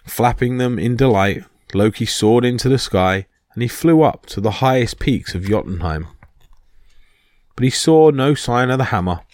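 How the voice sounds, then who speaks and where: A man narrating myth stories in a steady, vivid storytelling manner. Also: mid-range voice, normal speed, dry recording, clean studio sound.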